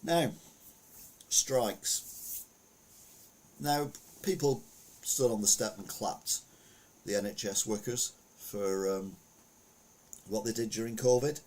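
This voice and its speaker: A man's voice: on the low side, slow, long pauses, a little mellow. A middle-aged man giving casual opinion commentary as a podcast host, rambling with lots of fillers and restarts.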